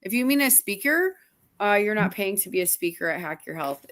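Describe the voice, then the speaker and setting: A woman's voice: mid-range voice, expressive, brisk, fairly bright tone. A woman hosting a live stream, reading out viewer comments in an upbeat, casual way.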